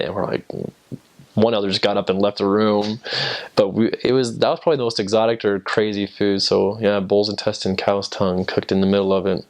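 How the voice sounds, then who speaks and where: A man's voice: lowish voice, level tone, brisk. A young American man, a returned missionary, casually telling stories with lots of fillers and restarts. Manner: rambling, many fillers and restarts. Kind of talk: casual storytelling.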